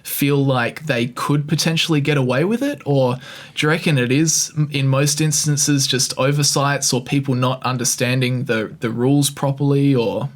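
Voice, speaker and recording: A man's voice: medium pitch, moderate pace. A young man co-hosting a podcast, talking in a rambling, sarcastic and self-mocking way. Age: young adult. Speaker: podcast co-host. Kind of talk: casual chat.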